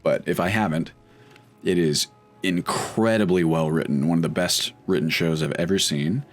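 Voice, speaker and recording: A man's voice: low-pitched, normal speed, faint music behind. A man casually commenting while playing a video game, chatty and wry, thinking aloud as he goes. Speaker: let's play host.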